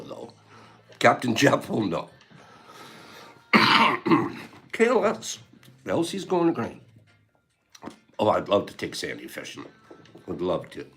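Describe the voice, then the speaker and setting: A man hosting a casual livestream, rambling and teasing as he reads viewer comments, laughing often. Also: lowish voice. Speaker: livestream host.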